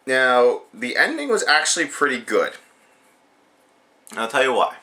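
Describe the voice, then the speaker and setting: A man's voice: mid-range voice, very animated, normal speed, pushed and bright. A young man rambling through a casual wrestling show review, joking and swearing as he goes.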